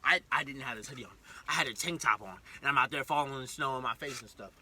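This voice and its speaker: A young man telling a storytime vlog in an excitable, slangy way, acting out the scene as he goes. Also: medium pitch, quick pace, a little hiss or hum. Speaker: vlogger. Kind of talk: animated storytime.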